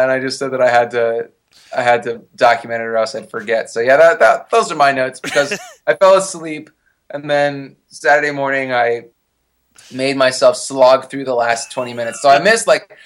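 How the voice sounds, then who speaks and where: A man's voice: mid-range voice, fairly bright tone. A man co-hosting a podcast in casual chat, recapping a movie in a dry, mocking, profane way. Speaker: podcast co-host.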